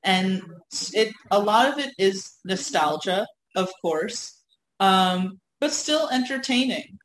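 A woman at a middle pitch talks casually and rambles from story to story, laughing often. Her voice carries an echo from the room. The talk is relaxed, loose banter. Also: slow, a little hiss or hum. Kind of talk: casual chat. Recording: echoey room.

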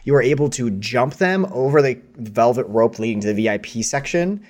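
A man's voice: medium pitch, animated, fairly quick, a little mellow. A man narrating as game master in casual, hesitant speech full of fillers.

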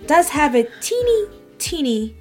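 A woman's voice: high voice, sing-song, measured pace, darkish tone, faint music behind, voice pushed up. Woman voicing a haughty rich teen girl for a comic read-aloud; snobby and self-satisfied. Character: snobby rich teenage schoolgirl, haughty aristocrat. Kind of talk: reading a comic aloud with voices.

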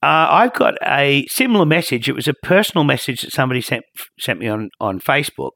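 A man's voice: medium pitch, lively intonation, fast talker, a bit bright, no room sound. A man co-hosting a podcast, chatting casually and commenting with a few hesitant restarts. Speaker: podcast co-host.

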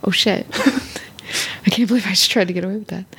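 A woman's voice: medium pitch, normal speed, a bit bright, breathy edge. A woman playing an improvised romance role-play game, narrating her character's moves in a playful, giggly way. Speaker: co-host and player.

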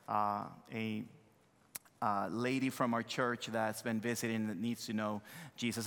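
A male pastor with a thick Dominican Spanish accent speaks in an earnest, halting way, with many "uh"s between phrases, and drops to a hushed, pleading tone when he prays. His voice is smooth and resonant. A long reverb trails behind him in a church sanctuary. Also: mid-range voice. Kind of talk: church announcements and prayer before a sermon.

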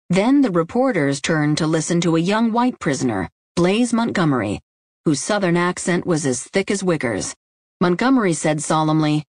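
Low-voiced woman narrating nonfiction. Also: animated, moderate pace, dry recording, studio quality. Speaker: audiobook narrator.

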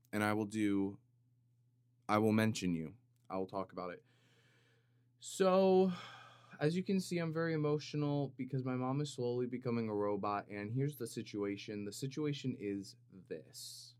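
A man talks into a compressed studio microphone in a small, dry room, hosting his own podcast. His voice sits at a medium pitch, and he rambles through a comic monologue, cutting himself off and stretching moments for mock drama. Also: normal speed, darkish tone, smooth, no room sound. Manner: rambling, self-interrupting, jokey and dramatic. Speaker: podcast host. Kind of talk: casual comedic monologue.

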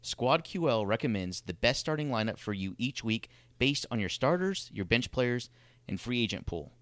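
A man, a podcast co-host, reading an upbeat, fast sponsor ad. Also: sing-song, a bit bright, dry recording. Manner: upbeat fast sales pitch. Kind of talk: ad read.

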